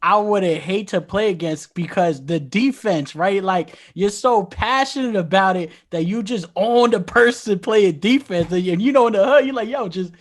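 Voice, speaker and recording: A man's voice: high voice, moderate pace, few pauses. A man interviewing a guest in laid-back slang and laughing along. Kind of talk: casual chat.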